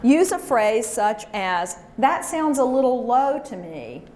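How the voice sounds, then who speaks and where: A woman's voice: a little high, big pitch swings, takes it slowly, darkish tone. A woman giving a live career workshop, coaching emphatically and drilling phrases with her audience. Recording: roomy echo, faint background noise.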